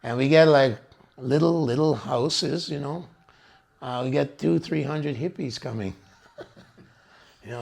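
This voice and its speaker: An older man with a gravelly, creaky voice at an ordinary pitch. He tells a long story in a loose, rambling way, breaks into laughter, and acts out other people's words. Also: unhurried, pauses often, a little mellow. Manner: rambling, laughing often, acting out quotes. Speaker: devotional speaker recounting memories. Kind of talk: casual storytelling talk.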